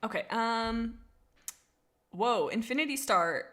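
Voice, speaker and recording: Slow-paced and expressive, a young woman's voice runs on the high side with a fairly bright tone. She's streaming casually and reading out viewer comments, bubbly and giggly, rambling with many laughs and restarts.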